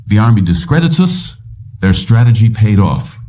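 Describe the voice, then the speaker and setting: A man voicing a weary middle-aged police commissioner who talks in a somber, measured way. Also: fairly low pitch, big pitch swings, mellow, far from the mic.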